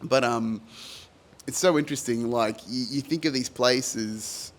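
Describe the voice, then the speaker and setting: A man's voice: mid-range voice, measured pace. A man hosting a podcast in a casual monologue, rambling with many fillers and frequent laughter. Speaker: podcast host.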